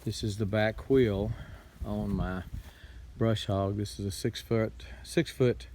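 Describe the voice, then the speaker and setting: A man from Texas hosting a casual repair video outdoors on a farm, talking in a plainspoken, halting way with many fillers. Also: on the low side, steady tone, warm tone, slight background noise. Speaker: farm channel host.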